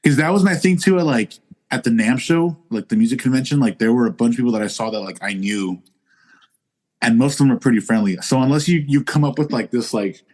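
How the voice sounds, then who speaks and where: A man's voice: medium pitch, a little mellow. A man guesting on a podcast, telling stories in a laid-back casual way. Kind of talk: casual chat.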